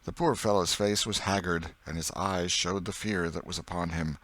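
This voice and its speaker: A man reading an audiobook with dramatic, expressive narration. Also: deep voice, moderate pace, dry recording.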